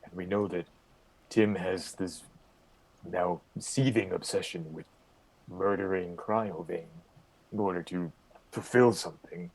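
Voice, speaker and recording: Guy with a low husky voice, roleplaying his character, halting and hushed. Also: fairly even intonation, rough recording. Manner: hesitant, trailing off, hushed. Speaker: player.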